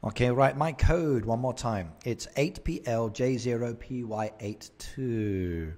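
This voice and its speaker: A man's voice: medium pitch, slow, a little mellow. A man chatting casually on a live game stream, answering viewer comments and laughing often into a desk microphone at home. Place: home streaming setup in Japan.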